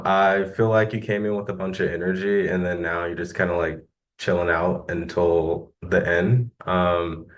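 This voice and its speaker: A man contestant calmly casting his votes in a reality game, measured with many hesitations. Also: low-pitched.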